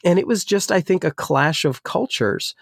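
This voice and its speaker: A man's voice: sits high, expressive, moderate pace, vocal fry, no echo, clean studio sound. A man who grew up in New Jersey and now works as a pastor, talking casually and rambling with many restarts, his voice still a little weak. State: slightly weak voice. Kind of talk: casual discussion.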